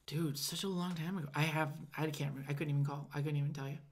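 A man from Michigan, a stand-up comedian, telling stories in a casual podcast chat with animated, profane delivery. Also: fairly high pitch, rapid-fire, slight background noise. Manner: animated, profane, laughing storyteller.

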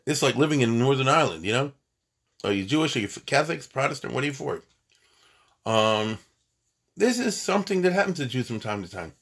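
A man's voice: medium pitch, expressive, a little fast, gravelly, pauses often, fairly bright tone, breathy edge. A man giving an informal history lecture, conversational and full of rhetorical questions and Yiddish terms. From United States.

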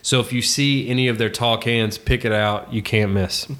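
A middle-aged man co-hosting a podcast, telling stories in a casual, animated way and swearing freely. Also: medium pitch, normal speed. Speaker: podcast co-host. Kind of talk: casual chat.

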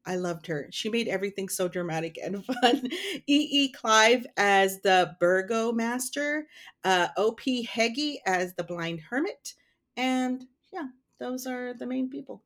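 A woman co-hosting a relaxed podcast conversation. She talks in a chatty, giggly way and wanders through her points with fillers. Nothing formal about her delivery. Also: on the high side, unhurried. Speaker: podcast co-host. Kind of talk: casual chat.

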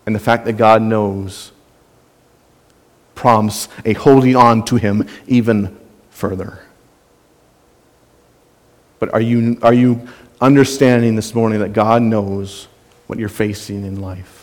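A man's voice: fairly low pitch, fairly even intonation, takes it slowly, pauses often, big-room sound. A man preaching a sermon as a pastor, earnest and conversational, often repeating phrases for emphasis.

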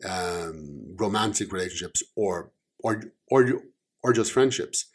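A man, an author, talking casually about his writing, hesitant and halting with many ums, his voice trailing off softly. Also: low-pitched, expressive, breathy edge. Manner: soft-spoken, trailing off quietly.

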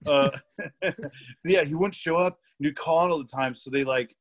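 A man's voice: on the high side, normal speed. A young man guesting on a podcast, telling work stories in a rambling, laughing way with lots of fillers and swearing. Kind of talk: casual storytelling chat.

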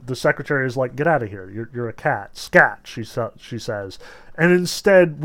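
A man casually talking through a novel, reading passages aloud, with frequent "like" and "you know" and amused asides. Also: mid-range voice. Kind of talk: casual book discussion with read-aloud passages.

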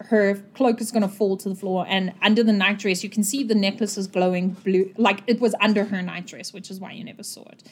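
A woman narrates a tabletop role-playing session as game master. She tells the scene in a lively way and laughs often with her players. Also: medium pitch.

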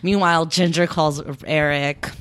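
A woman's voice: sits low, steady tone, normal speed, a bit bright, smooth. A young woman co-hosting a podcast, chatting casually, laughing often and acting out characters' lines as she retells the plot. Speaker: podcast co-host recapping a TV show. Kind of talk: casual chat.

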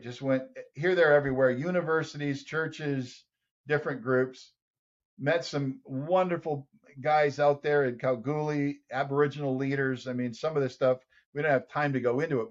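Man telling a story as a podcast guest. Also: on the high side. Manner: animated storyteller who acts out other people's voices. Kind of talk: storytelling in an interview. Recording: dull lo-fi sound.

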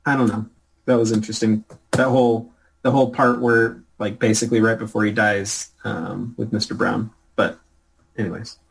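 A man hosting a casual film chat, hesitant and halting, often breaking into laughter. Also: fairly low pitch, flat delivery, vocal fry, breathy edge, low-quality recording.

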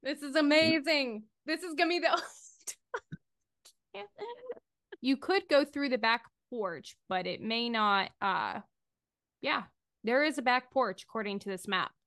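A woman running a tabletop horror game as game master, narrating with animated, giggly energy. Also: high voice, measured pace, long pauses.

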